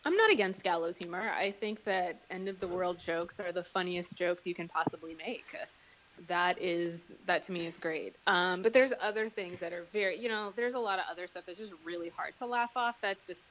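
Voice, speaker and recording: A woman's voice: fairly low pitch, moderate pace, a bit bright, a little hiss or hum. A woman co-hosting a podcast in casual chat, blunt and teasing, with emphatic points. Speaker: podcast co-host.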